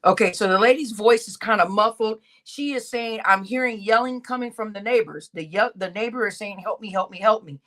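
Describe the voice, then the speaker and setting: A woman's voice: mid-range voice, fairly quick, hardly any pauses, a bit bright. A woman hosting a casual reaction stream, talking over a played recording in a rambling way, with stumbling restarts and blunt exclamations.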